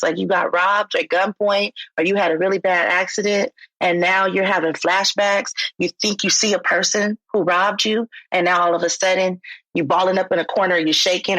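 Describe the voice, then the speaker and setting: Female clinician guest, informal and explanatory, husky voice, dry close sound. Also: on the low side, fairly bright tone, no echo, low-quality recording. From United States. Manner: conversational, acts out quoted speech, informal phrasing. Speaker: licensed clinical social worker, guest. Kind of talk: podcast interview.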